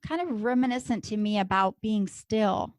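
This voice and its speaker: Woman host, affirming and upbeat, medium pitch, dry close sound. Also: normal speed, no room sound. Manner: affirming, enthusiastic. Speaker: podcast host. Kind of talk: casual interview conversation.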